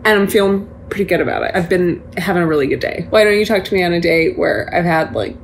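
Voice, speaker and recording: A woman chatting casually at home with her spouse, wry and quick to laugh. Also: lowish voice, creaky, slight background noise. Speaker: co-host, spouse. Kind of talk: casual chat. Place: home apartment.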